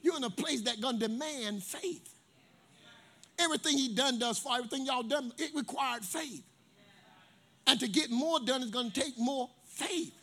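A man preaches from the pulpit, his voice pitched unusually high with a bright, ringing edge. He tells stories and pulls the congregation into call-and-response. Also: normal speed. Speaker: pastor. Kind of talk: sermon.

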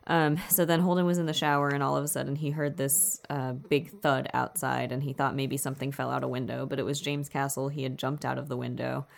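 A woman's voice: extremely low pitch, flat delivery, fairly quick, vocal fry, few pauses. A woman podcast co-host chattily retelling a novel's plot. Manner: chatty storytelling, acts out quotes. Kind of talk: casual book recap.

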